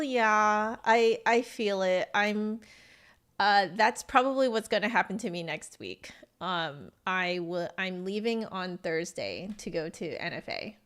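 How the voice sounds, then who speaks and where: A woman's voice: mid-range voice, expressive, slow pace, fairly bright tone, clear, resonant tone. A woman with an American accent, a flutist chatting casually with livestream viewers and answering their comments, friendly and full of ums and likes. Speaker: flutist streamer.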